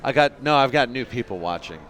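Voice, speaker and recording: A man commentating a pool match live in a loose, chatty way. His pitch swings around a lot as he talks, and he keeps bantering with the people watching. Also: expressive, fairly quick, a bit bright. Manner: chatty, joking with viewers, laughs often. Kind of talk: casual live play-by-play commentary.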